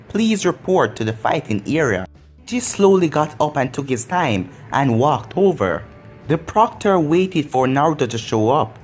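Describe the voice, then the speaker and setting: A narrator reading a fan story aloud in a plain, even storybook manner. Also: mid-range voice.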